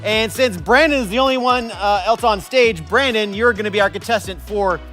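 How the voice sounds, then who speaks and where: High-voiced, encouraging young male co-host. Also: a little fast, pushed and bright, faint music behind. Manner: chatty and encouraging. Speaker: co-host of a youth web show. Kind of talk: friendly live show hosting.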